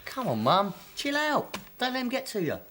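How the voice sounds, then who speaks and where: A young actor playing an easygoing college lad. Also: male voice, extremely high pitch, huge pitch swings, moderate pace, pushed and bright, slight background noise, full character voice. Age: young adult. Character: laid-back young college lad, her son.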